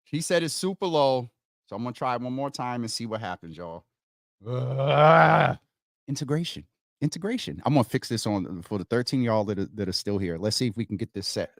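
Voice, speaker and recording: A man hosting a casual livestream, thinking out loud as he works through technical problems and talking straight to his viewers, calling them y'all. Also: mid-range voice, expressive, brisk, no echo, studio quality. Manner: thinks out loud while fixing tech problems. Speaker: livestream host.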